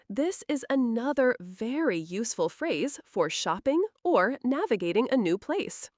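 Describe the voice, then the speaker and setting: A woman teaching everyday English phrases in a slow, clear, encouraging scripted lesson, asking the listener to repeat after her. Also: fairly high pitch, sing-song, no room sound, clean studio sound.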